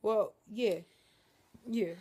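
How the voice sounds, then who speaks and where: A young woman talks to her viewers from a couch at home in an easy, joking way, calling them y'all. Her pitch sits in a middle range for a woman, and the talk is loose and playful. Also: extremely slow, a little mellow, breathy edge. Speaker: vlogger. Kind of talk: casual chat to camera. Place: living room couch at home.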